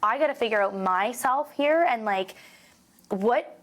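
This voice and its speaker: A woman's voice: fairly high pitch, lively intonation, a little slow. A woman in her thirties, a realtor guest on a podcast, talking openly and emotionally in a casual conversation, with plenty of "like" and the odd swear word. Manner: open, emotional, peppers speech with "like" and swearing.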